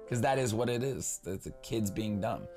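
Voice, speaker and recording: A young man giving casual comedic commentary as a YouTuber, excitable, swearing freely and laughing often. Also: fairly low pitch, normal speed, faint music behind. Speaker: YouTuber reacting to online posts.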